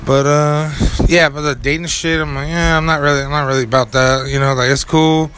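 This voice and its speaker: A man's voice: fairly high pitch, little pitch movement, brisk, a bit bright, a little hiss or hum. A young man telling a rambling story in casual chat, full of filler words and swearing. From California. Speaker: podcast co-host.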